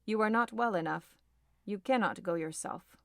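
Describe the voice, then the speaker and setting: A woman reading an audiobook voices a grave gentleman, speaking with gentle, restrained concern. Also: medium pitch, moderate pace, gravelly, dry recording, clean studio sound.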